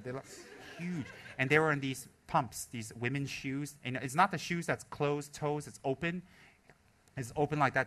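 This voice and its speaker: A man teaching a Buddhist dharma talk with a bright, forceful tone. He tells stories in an animated, chatty way and pokes fun at himself. His pitch sits at a middling level for a man. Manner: animated, chatty storytelling with frequent laughter; casual and self-deprecating, with restarts. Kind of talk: dharma talk with personal anecdotes.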